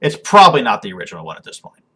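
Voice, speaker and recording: A man narrating as game master of a tabletop game, halting with frequent ums and restarts. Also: lowish voice, wildly swooping pitch, pushed and bright, slightly rough.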